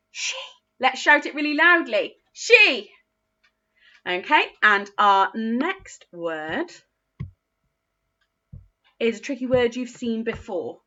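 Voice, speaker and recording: Bright-voiced teacher, sing-song. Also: female voice, mid-range voice, lo-fi sound. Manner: encouraging, sing-song, stretches out sounds and praises often. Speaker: primary school teacher. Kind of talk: phonics lesson for young children.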